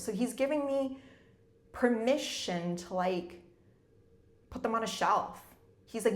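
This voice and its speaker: A woman's voice: a little high, moderate pace, long pauses, echoey room. A woman from Canada, a new novelist and former executive, tells a personal story in a rambling casual way, saying "like" constantly. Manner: rambling, fills nearly every phrase with "like". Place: her home in Munich.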